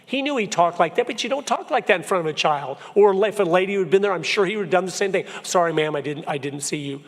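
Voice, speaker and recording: A man's voice: high voice, quick pace. A man in his fifties from Florida, giving an earnest, emphatic church talk full of personal stories. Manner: earnest storyteller, emphatic, shifts pace a lot. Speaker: guest speaker. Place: church sanctuary. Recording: long hall reverb.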